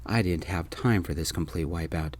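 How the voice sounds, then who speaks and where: A man telling a first-person story in a gentle, soft-spoken ASMR style. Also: sits low, normal speed.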